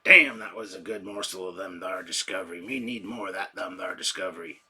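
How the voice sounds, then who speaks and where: A greedy, impatient stomach drawls for more, as a man puts on a hillbilly twang. The voice sits deep and slightly husky, with a bright edge. It sounds like a gag in a casual stream. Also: fairly quick, full character voice.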